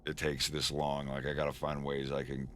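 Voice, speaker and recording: A man's voice: rumbling low, monotone, moderate pace, a bit bright, slight background noise. A man casually chatting on a live stream while he animates, rambling with stammered restarts and frequent chuckles. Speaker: animator streaming his work.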